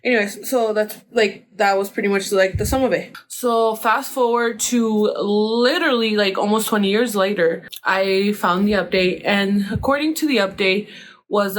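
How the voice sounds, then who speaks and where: A woman hosting her own podcast, telling a story in a loose, rambling way. Her voice sits at an ordinary middle pitch, and she leans on fillers and drops the odd swear word as she goes. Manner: rambling, filler-heavy retelling with casual swearing. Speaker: podcast host. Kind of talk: casual storytelling.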